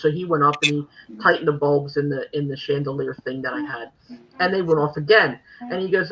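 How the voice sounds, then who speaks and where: Animated woman in her sixties, storytelling. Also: low-pitched, fairly quick. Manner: animated storyteller, laughs often. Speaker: co-host. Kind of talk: storytelling podcast chat. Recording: dull lo-fi recording.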